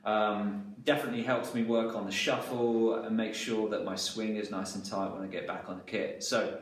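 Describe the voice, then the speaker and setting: A man's voice: on the low side, flat delivery, moderate pace. Male drum instructor, calls out sticking step by step, recorded far off in a roomy space. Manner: talks through drum patterns, counting hands aloud. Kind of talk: instructional lesson. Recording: echoey room, mic far off.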